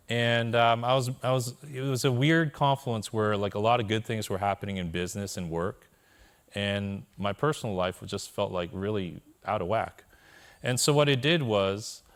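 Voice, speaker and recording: Man, keynote speaker, personal story, lowish voice, conversational, self-deprecating humor. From Korea. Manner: conversational, checks in with the audience. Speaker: conference speaker.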